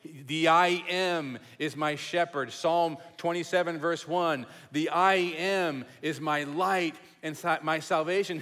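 A man preaching a sermon as pastor, emphatic and repetitive, dropping to a hush on key words. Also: on the high side, measured pace, hardly any pauses. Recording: long hall reverb.

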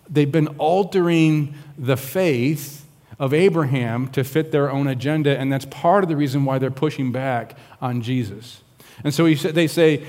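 Man preaching a sermon in a reverberant hall. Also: fairly high pitch. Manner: animated, acts out the voices of the people in the scripture. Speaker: pastor. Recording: long reverb of a large hall.

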